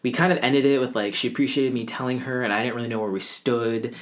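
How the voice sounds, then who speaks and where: A man's voice: medium pitch, steady tone, fast. A man in his twenties telling a personal story in a casual, wry, offhand way, mocking himself now and then. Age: 20s. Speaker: vlogger.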